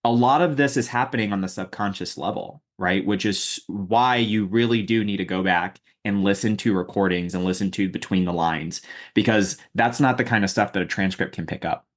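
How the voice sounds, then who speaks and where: A man hosting a podcast, thoughtful and quick to laugh in casual chat. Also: fairly low pitch. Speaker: podcast host.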